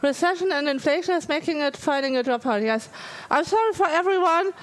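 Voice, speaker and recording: A woman's voice: sits high, fairly quick, poor audio. A woman streamer chatting casually on a live stream, talking through a burning, aching mouth that slurs her words. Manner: pained, slurred talk from a burning mouth. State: mouth in pain from spicy food.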